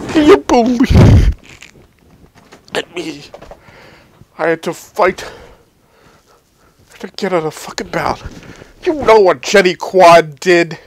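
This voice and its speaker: A man, a comedian, talking unscripted about a painful personal experience in a halting, raw, profane way. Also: very high voice, animated, creaky, low-quality recording. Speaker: comedian telling a personal story.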